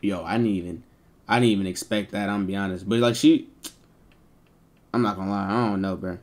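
A man streaming live and chatting with his viewers in animated, joking banter full of slang and swearing. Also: fairly low pitch, quick pace.

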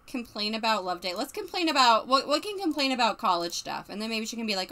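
A woman's voice: fairly high pitch, sing-song, quick pace, bright, forceful tone. A woman streamer giving casual, chatty let's-play commentary and narrating her game characters.

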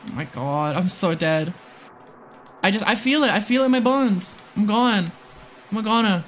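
Woman live-streaming a game, excitable commentary, lots of swearing, low mutters and squealing shrieks, fairly low voice. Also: moderate pace, slight background noise. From United States.

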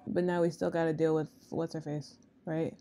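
A woman co-hosting a reaction video, chatting excitedly as she watches. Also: deep voice, normal speed, soft background music. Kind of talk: casual reaction chat.

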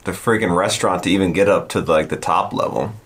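A man co-hosting a movie reaction, animated and swearing when surprised. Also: low voice, fast, breathy edge. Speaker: co-host of a movie reaction channel. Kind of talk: casual movie-reaction chat.

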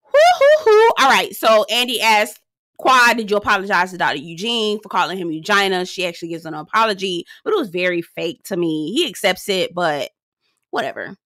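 Sassy, animated woman recapping TV. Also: a little fast, no echo, clean studio sound. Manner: animated, sassy, slangy, with high-pitched outbursts. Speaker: reality TV recap host. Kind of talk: casual recap commentary.

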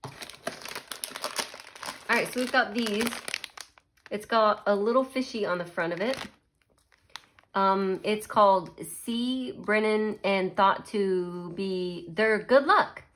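A woman's voice: mid-range voice, slow, a bit bright, a little hiss or hum. A woman chatting casually while tasting snacks, murmuring and laughing as she eats. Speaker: snack reviewer.

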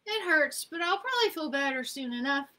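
A woman voicing a gentle, matter-of-fact male gorilla neighbor in a storybook reading. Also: high-pitched, animated, brisk, pitched above the performer's own voice. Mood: rueful.

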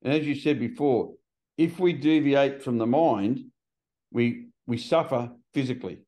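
A man in his sixties, talking bluntly and swearing freely as a podcast guest, telling stories with animated delivery. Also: mid-range voice, a little slow. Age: 60s. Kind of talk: casual podcast conversation.

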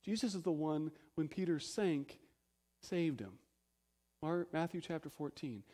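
High-voiced emphatic preaching pastor. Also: male voice, lively intonation, unhurried. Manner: emphatic preaching with rhetorical questions; swings between loud stresses and hushed low phrases. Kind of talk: sermon.

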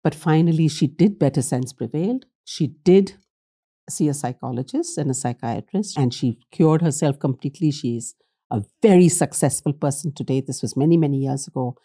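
A woman's voice: low-pitched, moderate pace, breathy edge. A middle-aged woman, telling a personal story as an academic guest in an interview and acting out the dialogue. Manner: animated, acts out quoted dialogue.

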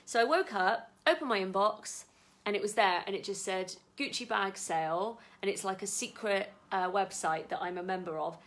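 A woman chatting excitedly at home on a casual live stream, swearing now and then. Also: mid-range voice, normal speed. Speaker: vlogger.

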